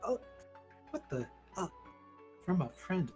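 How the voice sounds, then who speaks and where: A man's voice: high voice, big pitch swings, slow pace, darkish tone, soft background music, pitched above the performer's own voice, heavily acted. A man voicing a flustered, delighted townsman in a tabletop game, gushing in breathless exclamations.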